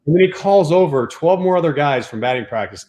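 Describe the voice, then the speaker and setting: A man's voice: fairly high pitch, lively intonation, brisk, darkish tone. A man from the Dallas-Fort Worth area of Texas, a former pro baseball player, telling a personal story as a guest in a casual, profane, emphatic way.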